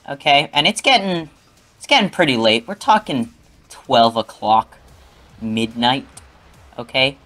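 A man's voice: on the high side, a bit bright. A young man telling a rambling, profane story in casual talk, often adding "okay?".

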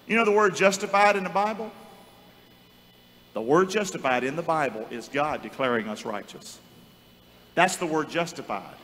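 Animated pastor preaching in church. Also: male voice, high-pitched. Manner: preaches with rising shouts and repeated calls to the congregation. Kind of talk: call-and-response sermon. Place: church sanctuary. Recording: reverberant church hall.

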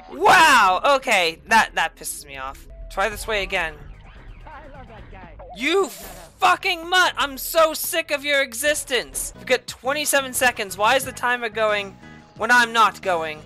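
A woman streaming a video game, raging and cursing loudly at it in heated gameplay commentary. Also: a little high, expressive, a little slow, faint music behind. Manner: furious profane yelling at the game. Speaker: gaming streamer.

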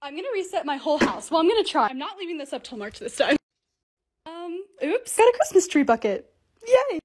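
A bubbly young lifestyle creator voices over her own vlog, speaking quickly in a high, lively voice. She's upbeat and teases herself along the way, with faint noise beneath the recording.

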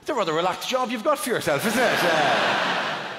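A man's voice: high voice, sing-song, normal speed, very noisy. A man with an Irish accent doing live stand-up crowd work, swearing and incredulous. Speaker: stand-up comedian. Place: large theatre stage. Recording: echoey theatre with long reverb. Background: audience ambience.

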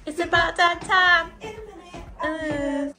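A young woman talking casually to camera for a day-in-the-life vlog, gushing and excitable, full of "like" and "oh my God". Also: very high voice, extremely slow, music in the background. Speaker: lifestyle vlogger.

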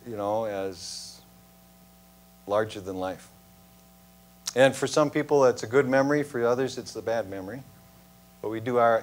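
Pastor giving a sermon, chatty and storytelling, keeps asking the room "huh?", mid-pitch voice. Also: male voice. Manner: conversational, storytelling preaching with "huh?" asides. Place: church sanctuary.

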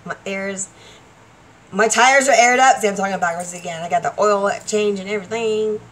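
A woman's voice: medium pitch, normal speed, a bit bright, slight background noise, rough recording. A woman vlogger talking casually to the camera, rambling and laughing often. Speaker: vlogger and stage performer.

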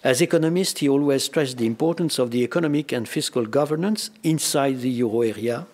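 Older French-accented man, husky voice, measured formal speaker with dry anecdotes and frequent hesitations. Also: mid-range voice, a little mellow. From France. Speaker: speaker at a memorial colloquium. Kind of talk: formal commemorative speech.

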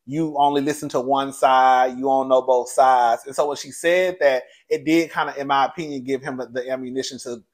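A man hosting a casual recap vlog, talking in a sassy, animated way with frequent laughs and calling his listeners "girl" and "child". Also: medium pitch, brisk, hardly any pauses. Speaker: show reviewer and host. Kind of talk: casual reality TV recap commentary.

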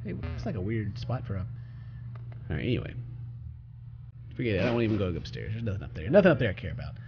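A man's voice: lowish voice, big pitch swings, quick pace, creaky, a little hiss or hum. A man casually commentating his gameplay as a let's play host, joking and chatting back at the game characters. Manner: jokey, talks to game characters and reads their lines aloud. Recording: slightly dull recording with faint game music.

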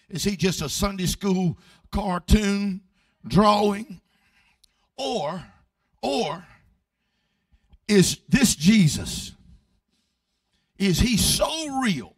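A man preaching a sermon in a church, building to shouts and then dropping to a hush. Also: sits high, no echo, clean studio sound, distant mic. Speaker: pastor. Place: church sanctuary.

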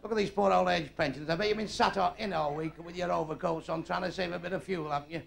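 A man's voice: high voice, steady tone, vocal fry. Brash Northern English stand-up man. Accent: Northern English, Manchester. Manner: crude, brash joke-telling with quick asides. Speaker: stand-up comedian. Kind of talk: stand-up comedy routine. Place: live club or theatre stage. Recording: roomy live venue with crowd. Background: audience laughter.

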